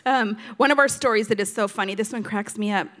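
An older woman, a grandmother, telling family stories in a casual, animated way, often laughing and slipping into playful quoted voices. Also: mid-range voice, fast talker. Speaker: storyteller grandmother. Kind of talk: casual storytelling to an audience.

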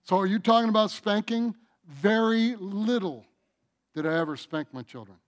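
A middle-aged man preaching a sermon, stretching out his phrases and swinging between booming emphasis and hushed asides. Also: moderate pace.

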